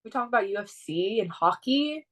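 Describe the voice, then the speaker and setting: A young adult woman whose first language is Spanish, co-hosting a podcast in casual chat, eager and quick to jump in and repeat phrases. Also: medium pitch, animated. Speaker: podcast co-host.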